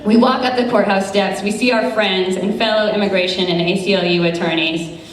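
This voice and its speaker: An American woman in her thirties, an attorney, telling a true story on stage with lively quoted dialogue. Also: mid-range voice, a little fast, slight background noise. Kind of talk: live storytelling performance. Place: large event space, live audience. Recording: echoey room from far off.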